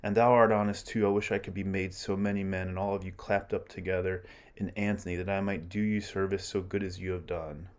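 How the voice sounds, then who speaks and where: A man reading aloud the lines of an aging Roman general in measured Shakespeare verse, during a lecture. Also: deep voice, flat delivery, natural voice. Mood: solemn. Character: male Roman general, aging, grandly mournful.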